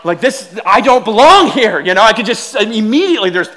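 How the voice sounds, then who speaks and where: A man preaching a sermon, animated and self-deprecating, telling funny everyday stories and often repeating words. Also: high-pitched, brisk. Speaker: pastor. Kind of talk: sermon with humorous storytelling.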